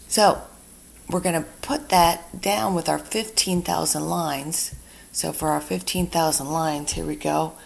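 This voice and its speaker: A woman instructor giving a screen-recorded software tutorial, chatty and talking herself through each step. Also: deep voice, vocal fry.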